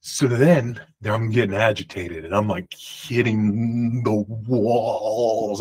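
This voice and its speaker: A man host telling a personal story in a rambling, animated way, often cutting himself off. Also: fairly low pitch, slow pace, few pauses, slightly rough, poor audio. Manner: rambling, animated, self-interrupting retelling.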